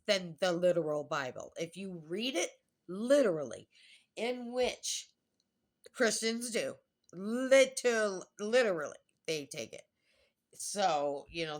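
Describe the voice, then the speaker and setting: A middle-aged woman vlogging a rambling personal monologue, chatty, laughing often and trailing off mid-thought. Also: lowish voice.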